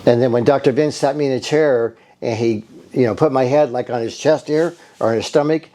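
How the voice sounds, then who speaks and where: A man's voice: mid-range voice, a little fast, mellow. A man telling his own patient story in a casual, rambling and earnest way. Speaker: bodywork therapist giving a patient testimonial. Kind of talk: casual spoken testimonial.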